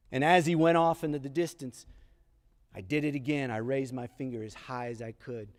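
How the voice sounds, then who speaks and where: A man telling a personal story live on stage, with dramatic pauses and repeated lines for emphasis. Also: medium pitch. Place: historic theatre stage. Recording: long theatre hall reverb.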